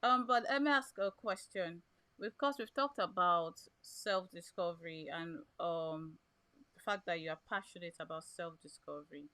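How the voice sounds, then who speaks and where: Low-voiced woman podcast host. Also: bright, forceful tone, dry recording, rough recording. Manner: supportive, quick to laugh, searches for words when asking. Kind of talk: casual interview.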